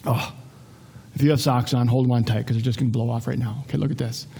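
A man preaching a Bible lesson in a conversational, animated way, with frequent rhetorical asides to the congregation. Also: medium pitch, fast, creaky, breathy edge. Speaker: pastor. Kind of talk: Bible teaching.

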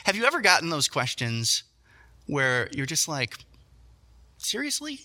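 A young man preaching a sermon, telling stories with animated, self-deprecating asides. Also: medium pitch, moderate pace. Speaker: pastor.

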